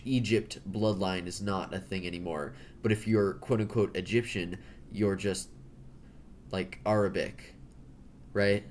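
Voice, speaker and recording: While he draws, a man from the United States with an American accent talks casually, jokey and rambling, often correcting himself. His pitch is fairly low, and there's slight background noise.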